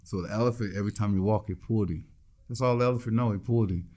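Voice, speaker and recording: Man with very low pitch, mellow dark tone, blunt storyteller, swears freely, acts out quoted voices. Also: very fast. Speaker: musician guest. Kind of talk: casual interview storytelling.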